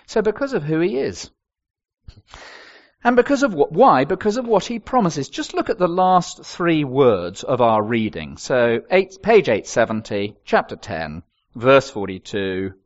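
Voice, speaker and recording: Lively older preacher, lo-fi. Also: male voice, a little high, unhurried. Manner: expressive storytelling with wry humour. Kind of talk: sermon.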